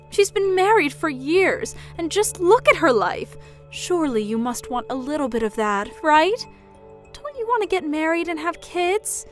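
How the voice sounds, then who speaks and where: A woman acts out a domineering middle-aged mother in a drama. She talks down to her daughter in a mocking, pushy way. Her pitch rides high and swings widely, and soft music plays underneath.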